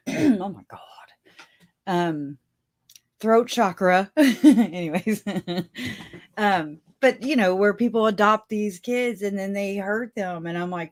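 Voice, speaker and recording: A middle-aged woman hosts a relaxed livestream, talking to her chat in an easy, unhurried way. She giggles constantly between remarks and keeps an ordinary mid-range voice. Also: medium pitch. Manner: giggly, chatty, laughs often. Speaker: livestream host. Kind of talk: casual livestream chat with viewers.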